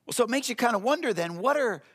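A man with a fairly high voice preaches a sermon as a pastor. He talks in a loose, conversational way and often stops to rephrase. The sound carries a long reverb. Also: animated, fast, fairly bright tone, slightly rough. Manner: conversational, with frequent fillers and restarts.

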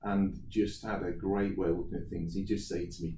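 A man's voice: deep voice, flat delivery, quick pace, dark tone. A man from the United Kingdom being interviewed as an entrepreneur guest, telling chatty anecdotes and laughing often. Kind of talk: podcast interview, storytelling. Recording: echoey room, slightly distant mic.

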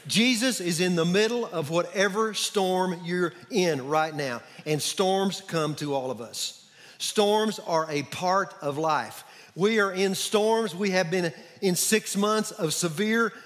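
A man preaching a sermon as pastor, animated and calling on the congregation to answer back. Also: high-pitched, slow. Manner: animated, calls for congregation responses. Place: church sanctuary. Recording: church hall with long reverb.

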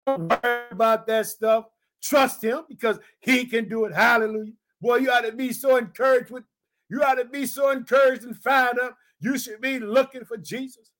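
Male pastor, high voice, exuberant podcast sermon with bursts of shouting. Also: steady tone, normal speed, soft background music. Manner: exuberant, repetitive exclamations, shouts praise.

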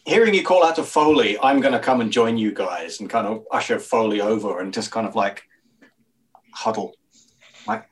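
A man's voice: fairly low pitch, moderate pace. A man playing a tabletop character, rambling in a conspiratorial tone and tagging lines with "man". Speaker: tabletop role-player. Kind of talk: in-character tabletop role-play.

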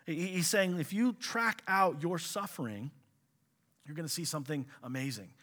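A male pastor delivering a sermon in a bright, somewhat high voice. He is animated, bursting into loud exclamations and then dropping to quiet asides. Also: moderate pace.

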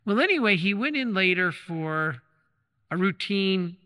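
The man preaching here is a Catholic priest whose high, animated voice comes across pushed and bright at an unhurried pace. His sermon retells a story conversationally, full of restarts and repeated phrases. Recorded in a church, it has the long reverb of a large hall.

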